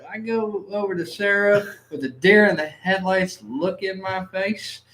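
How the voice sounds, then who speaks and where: Male co-host, slightly high voice, storyteller with crude jokes, roomy echo. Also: a little slow, a bit bright. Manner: storytelling, plays out his own reactions, crude humor. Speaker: podcast co-host. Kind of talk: casual chat. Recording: echoey room.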